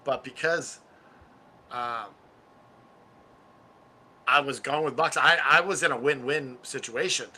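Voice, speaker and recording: Bright-voiced man in casual chat. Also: mid-range voice. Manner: rambling, halting with many fillers. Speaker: podcast co-host.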